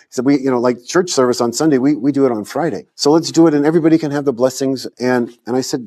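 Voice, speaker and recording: Fast-talking man telling his story. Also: mid-range voice. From United States. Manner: animated storyteller acting out quotes. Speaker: interviewee, convert to Islam. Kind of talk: personal testimony in an interview.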